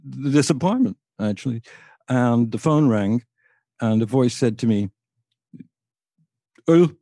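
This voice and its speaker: Husky older man telling stories. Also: mid-range voice, normal speed, dry recording, studio quality. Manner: animated anecdotal storytelling. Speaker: guest storyteller. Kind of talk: podcast interview.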